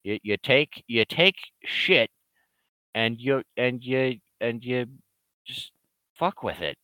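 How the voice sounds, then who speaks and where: Bright, forceful and expressive, his mid-range voice comes through with no room sound. It's another rambling, profane monologue from a comic creator to his fans, quick to ridicule the people he's discussing.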